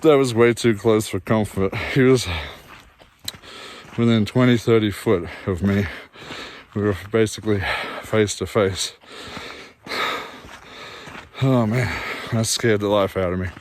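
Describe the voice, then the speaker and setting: A man's voice: lowish voice, steady tone, measured pace, pauses often, a little mellow, a little hiss or hum. An Australian man filming a vlog on his phone in the woods, shaken and out of breath, sighing and repeating himself. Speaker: vlogger. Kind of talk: handheld outdoor vlog. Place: woods, outdoors. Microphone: phone held in hand.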